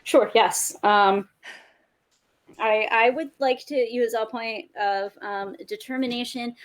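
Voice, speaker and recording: Slow hushed woman playing a tabletop game. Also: fairly high pitch, steady tone. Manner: slow, hushed, menacing delivery with whispered words. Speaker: player. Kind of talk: in-character villain message, then table chat.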